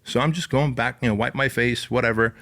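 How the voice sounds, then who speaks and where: A man's voice: medium pitch, steady tone, brisk, a bit bright. A man hosting a podcast, telling a story in a casual, emphatic, profane way. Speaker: podcast host. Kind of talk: storytelling monologue.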